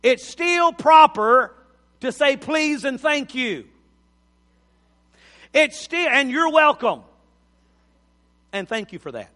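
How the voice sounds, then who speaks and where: A man's voice: very high voice, sing-song, slow, pauses often, bright, forceful tone. A man, preaching a folksy sermon as pastor and often repeating words for emphasis. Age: 50s. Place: church sanctuary. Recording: long church hall reverb.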